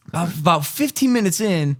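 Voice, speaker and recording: A man in his twenties, a podcast co-host, telling a story in casual chat, animated and laughing, loudly acting out the people in it. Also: sits high, moderate pace, background noise.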